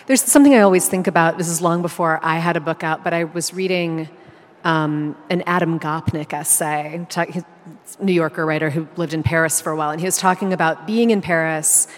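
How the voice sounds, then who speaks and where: A woman interviewing an author, chatty and animated in a conversational interview. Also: sits low, a little fast. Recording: long reverb of a hall.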